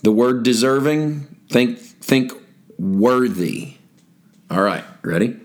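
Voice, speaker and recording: A man with a mid-pitched voice teaches from a Bible passage on his podcast. He reads verses aloud, then stops to stress key words and unpack them for listeners. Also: lively intonation, takes it slowly. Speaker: pastor.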